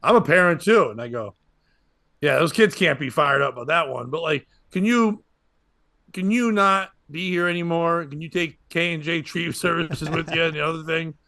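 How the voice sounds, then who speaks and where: Bright, tense-voiced male comedian, dry sound. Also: a little high, normal speed, no room sound. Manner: animated, acts out quoted voices. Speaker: comedian and podcast host. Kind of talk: casual storytelling chat.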